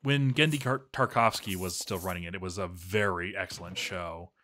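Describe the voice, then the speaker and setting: A man's voice: sits low, moderate pace, sharp tone. A man giving casual, rambling and playful commentary while he plays a game, chatting to his viewers.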